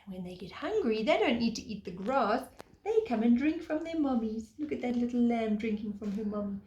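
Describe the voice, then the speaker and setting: A woman, a preschool teacher, telling a picture-book story to young children in a gentle, sing-song way, pausing to point at the pictures. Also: on the high side, sing-song, dull audio. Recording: echoey room, faint background noise.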